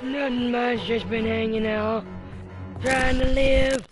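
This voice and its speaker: A man streaming a game and chatting with teammates, excitable, laughing often and filling gaps with uhs. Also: very high voice, a little slow, music in the background. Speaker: gaming streamer. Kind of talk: live game commentary with teammates.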